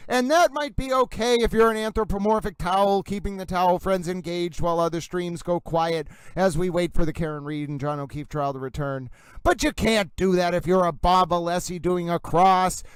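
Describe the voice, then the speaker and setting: Guy hosting a live stream, high smooth voice, over-the-top grand delivery, dry close mic. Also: fairly even intonation, moderate pace, dry recording, rough recording. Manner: theatrical, mock-grandiose. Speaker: livestream host.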